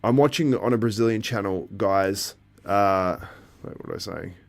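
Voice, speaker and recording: Chatty male livestream host, lowish voice. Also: normal speed. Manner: chatty, reacting to the live feed and chat, laughs often. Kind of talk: casual live commentary.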